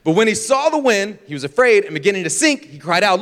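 A man's voice: sits high, expressive, racing, few pauses, a bit bright. A young man preaching a casual, jokey sermon in a church, acting out voices and sound effects as he goes. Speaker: pastor. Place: church auditorium. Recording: reverberant hall.

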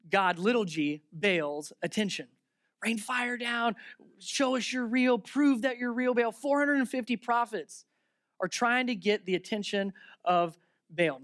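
A man preaching a sermon, reading Bible verses aloud and retelling them with lively asides, switching from loud sarcasm to hushed reverence. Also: sits high, no room sound, clean studio sound. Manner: talks aside to the listeners between verses.

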